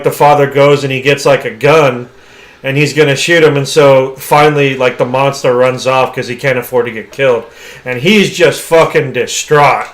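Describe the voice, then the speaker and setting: A man co-hosting a podcast, casually retelling a movie plot in a rambling way, with frequent "like" fillers. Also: medium pitch. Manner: rambling retelling, heavy use of "like". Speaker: podcast co-host.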